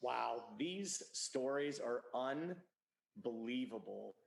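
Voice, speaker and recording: Male stream host, admiring and deliberate, roomy echo around him. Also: medium pitch, expressive, gravelly, a little hiss or hum. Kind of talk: live stream hosting.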